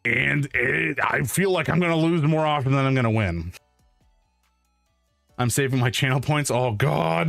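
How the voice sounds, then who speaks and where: A man's voice: medium pitch, a little slow, gravelly, a bit bright, no echo. Male streamer, casual rambling chat, self-deprecating, dry close mic, faint music.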